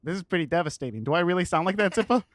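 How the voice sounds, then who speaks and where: A woman playing in a tabletop game, animated and often laughing. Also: on the low side, very fast, slight background noise. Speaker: player. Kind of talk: casual tabletop play.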